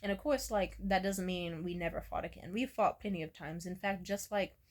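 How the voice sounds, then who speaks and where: A woman's voice: on the low side, normal speed. Candid, rambling young woman vlogger. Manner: candid, rambling, profane, full of "like". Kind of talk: casual confessional storytelling.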